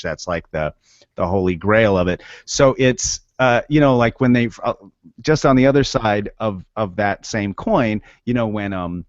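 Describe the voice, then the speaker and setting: Low-voiced man rambling on a podcast. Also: dry recording. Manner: rambling, hesitant, many fillers and restarts. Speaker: podcast co-host. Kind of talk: casual podcast chat. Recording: dull, dry lo-fi sound.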